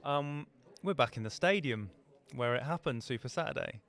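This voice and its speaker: A man hosting a podcast, asking quick, friendly interview questions and filling in with "yeah, yeah". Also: mid-range voice, animated, a bit bright. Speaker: podcast host.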